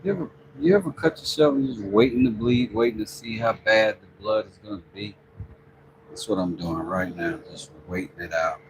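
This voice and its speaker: Slow jokey guy streaming from his shop, gravelly voice, lots of shop noise behind. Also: fairly low pitch. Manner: jokey, chatty, greets viewers by name. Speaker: livestream host. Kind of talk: casual livestream chat while working. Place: woodworking shop. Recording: noisy shop ambience.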